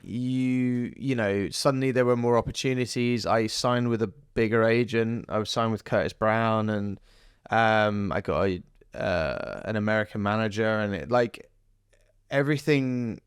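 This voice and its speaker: A man's voice: fairly low pitch, fairly even intonation, unhurried, smooth, no room sound, clean studio sound. A man, an actor chatting as a podcast guest, telling rambling stories. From southern England. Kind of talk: casual interview chat.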